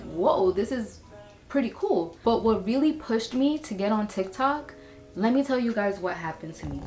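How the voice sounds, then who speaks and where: A young woman speaks straight to her viewers in a loose, confessional vlog style. Her voice sits at an ordinary middle pitch, and she drifts between thoughtful asides and bursts of excitement. Soft music plays faintly behind her. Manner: candid, chatty, swings between reflective and excited. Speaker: beauty and lifestyle creator. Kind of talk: casual vlog monologue.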